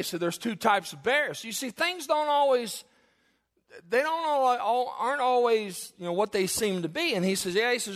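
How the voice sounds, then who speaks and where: A man preaching a sermon, telling a lively hunting story and acting out the voices of the people in it. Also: high-pitched, normal speed. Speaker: pastor.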